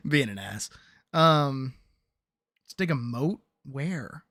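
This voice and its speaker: A man chatting casually on a game stream, relaxed and talkative, answering chat and laughing often. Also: medium pitch, slow pace, dry recording, clean studio sound.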